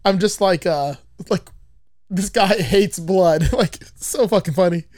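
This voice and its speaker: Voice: mid-range voice, unhurried, darkish tone, no room sound, clean studio sound. A podcast host casually retelling a movie's plot, rambling with frequent swearing.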